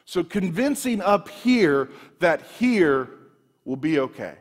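A man preaching a sermon, telling personal stories in an animated way with frequent restarts, in a church sanctuary. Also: on the high side, slow pace. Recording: long reverb of a large room.

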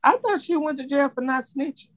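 A young adult woman co-hosting a casual podcast chat, telling lively stories about her child. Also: sits high, fairly quick, no echo. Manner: animated storyteller who acts out her child's voice. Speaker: podcast co-host.

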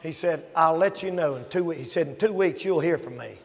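A man preaches a revival sermon in a high, ringing voice. He shouts his warnings, then drops to a hushed tone to tell his stories. The sound carries a long reverb, like a large church hall. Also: a little fast. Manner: swings from shouting to hushed storytelling.

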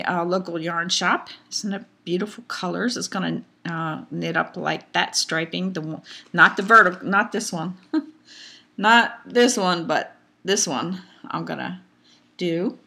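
A woman's voice: lowish voice, unhurried, creaky, pushed and bright. Chatty woman rambling about her knitting. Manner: rambling, chatty, many fillers. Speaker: knitting vlogger. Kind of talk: casual chat.

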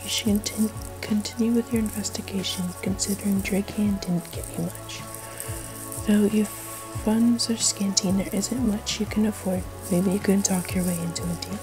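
A woman narrating an interactive story in a soft, hushed, second-person whispered role-play. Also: medium pitch, steady tone, normal speed, music in the background, poor audio.

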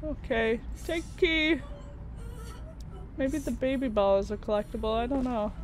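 A woman's voice: a little high, brisk, dark tone. A young woman commenting on a video game as she plays, sentimental and reading game prompts aloud. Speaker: gaming YouTuber. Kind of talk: let's-play commentary.

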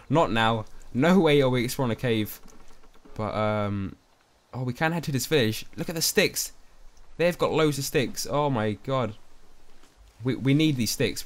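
A young man giving excitable let's-play commentary, easily spooked and talking to his viewers. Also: medium pitch. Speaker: gaming YouTuber.

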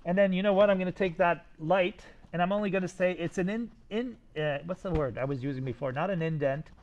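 An excited man teaches a design class, talking his students through their sketches. His voice sits a bit high. He keeps checking in with them, asking whether they get it. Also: a little fast, muffled recording. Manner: enthusiastic, talks to students directly with many "right?" checks.

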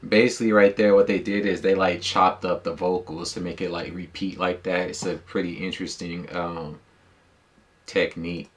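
A man with a low, deep voice talks through a song in casual reaction commentary. He is laid-back and slangy and thinks aloud with easy fillers. He speaks into a dedicated microphone. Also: steady tone, moderate pace. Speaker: music reaction YouTuber.

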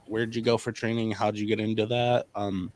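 Low-voiced rambling podcast host man. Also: flat delivery, moderate pace, a little mellow, low-quality recording. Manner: rambling, stumbling, many fillers. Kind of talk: casual podcast chat.

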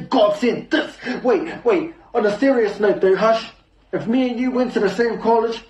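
A man performing an aggressive battle rap verse, taunting his opponent with rapid-fire insults. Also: high voice, a little mellow, echoey room, lo-fi sound. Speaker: battle rapper.

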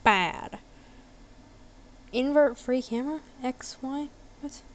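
A woman's voice: on the high side, unhurried, smooth. A woman giving chatty, giggly, self-deprecating commentary as she plays a computer game at home. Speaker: gaming video creator.

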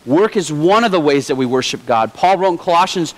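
A man's voice: fairly high pitch, expressive, brisk, few pauses, poor audio. A male pastor preaching a sermon in a conversational way with light humor. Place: church.

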